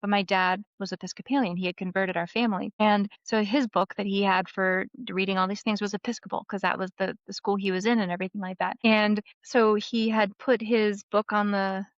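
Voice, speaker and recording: A woman in her thirties, a guest on a podcast, telling a family story in an animated, casual way. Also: medium pitch, fairly quick, few pauses, dry recording. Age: 30s. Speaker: podcast guest, memoir author. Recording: dull lo-fi sound, dry.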